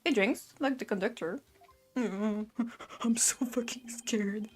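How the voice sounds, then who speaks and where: Giggly young woman, higher voice. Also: takes it slowly, slightly rough. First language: French. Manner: giggly, swears freely, chatty and playful. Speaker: let's play streamer. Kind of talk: casual gameplay commentary, reading dialogue aloud. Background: faint game music.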